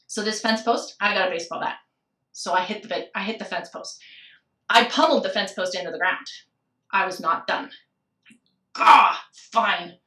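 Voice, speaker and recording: A middle-aged woman, a podcast guest, telling a personal story candidly and with emotion, slowing down and laughing softly at times. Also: mid-range voice, reverberant, distant mic. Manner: candid and emotional, with soft laughs and slowed phrases.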